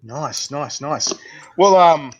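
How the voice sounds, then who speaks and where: An Australian man hosting a casual chat; he talks in an excitable, chatty way and swears freely. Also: a little high, slow pace. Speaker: host. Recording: dull lo-fi audio.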